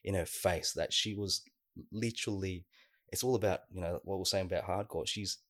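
A man with a low, deep voice spins an anecdote on a casual podcast. He talks in an animated, rambling way, full of "like" and "you know", and keeps the story rolling. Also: moderate pace, dry recording, studio quality. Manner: animated storyteller, many fillers. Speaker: podcast co-host.

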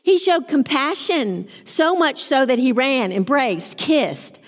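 A woman's voice: sits high, expressive, takes it slowly, big-room sound. A woman Bible teacher reading scripture aloud and explaining it, stressing points through repetition. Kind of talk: women's Bible study teaching.

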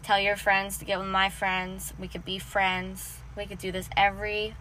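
Podcast lady w a bright sharp voice, teasing, jumps in quick, faint noise behind. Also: medium pitch, completely flat delivery, poor audio. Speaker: podcast co-host. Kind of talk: casual chat.

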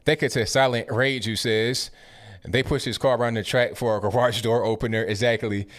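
A man in his twenties or thirties runs a live stream, reading out viewer messages one after another in a mid-pitched everyday voice. He tosses off short, casual reactions between them, speaking close to a desktop mic. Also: fairly even intonation, a bit bright. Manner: casual, quick asides after each message. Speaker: political commentary host reading viewer messages.

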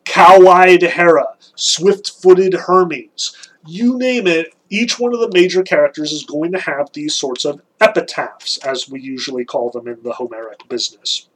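Male lecturer, fairly high voice, casual, animated, punches key words. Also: moderate pace, few pauses, husky, poor audio. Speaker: lecturer on Homer.

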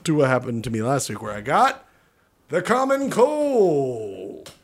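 A man's voice: medium pitch, big pitch swings, a little slow. A man co-hosting a casual comedy podcast, rambling and joking, swearing freely, with the hiccups. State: has the hiccups. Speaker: podcast co-host.

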